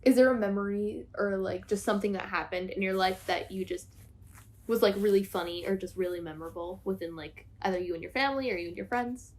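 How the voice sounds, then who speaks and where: A woman's voice: medium pitch, fast. A woman co-hosting a casual podcast, asking questions and laughing along over a video call. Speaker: podcast co-host interviewer.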